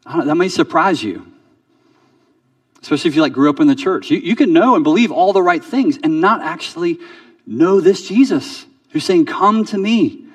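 A pastor preaching in a relaxed, conversational sermon, restarting words and sinking quiet to make a point. He stands back from the mic in a dry, dead room. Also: a little high, normal speed, husky, no room sound, distant mic. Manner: conversational, repeats words, drops soft for emphasis.

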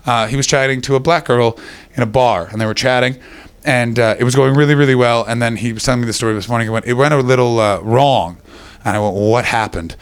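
A man's voice: medium pitch, quick pace, smooth. A man telling loose, swearing comedy stories and working the crowd before a live audience. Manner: loose storytelling, crowd work, frequent swearing. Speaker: stand-up comedian and podcast host.

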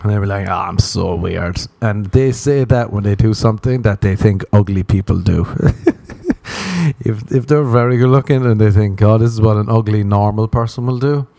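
Low, mellow-voiced man rambling through comic stories. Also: moderate pace, dry recording. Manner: profane, self-mocking, laughs often; loose storytelling with asides. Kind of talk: rambling comedic monologue.

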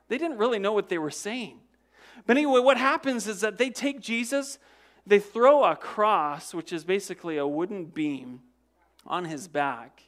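A pastor preaching a sermon, retelling events dramatically. He repeats words as he goes, asks the congregation rhetorical questions, and swings from loud emphasis to hushed, low passages. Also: animated, moderate pace. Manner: dramatic storytelling with frequent word repetitions and restarts.

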